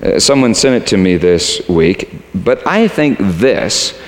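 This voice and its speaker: A male pastor preaches with a lively, rising and falling voice. He reads scripture animatedly, then talks to his congregation in a relaxed, conversational way. His voice rings out with long reverb in a large hall. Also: lowish voice, slow. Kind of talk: sermon.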